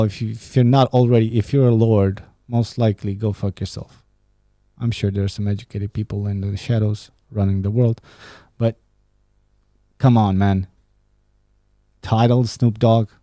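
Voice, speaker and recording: A man's voice: on the low side, warm tone, dry recording, clean studio sound. A young man hosting a casual solo podcast, rambling and swearing, laughing at his own jokes. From Romania. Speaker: podcast host. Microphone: studio podcast mic.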